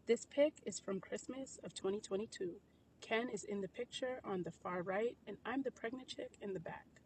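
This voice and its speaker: A woman's voice: mid-range voice, moderate pace, darkish tone, a little hiss or hum. Chatty woman spilling online gossip. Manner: chatty and informal, laughs in disbelief. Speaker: social media commentator. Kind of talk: casual gossip commentary to followers.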